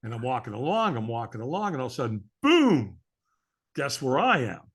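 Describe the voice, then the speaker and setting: A man's voice: medium pitch, very animated, quick pace, a bit bright, husky. A middle-aged man, a podcast guest, telling a story with energy and acting out the voices of the people in it. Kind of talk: animated storytelling.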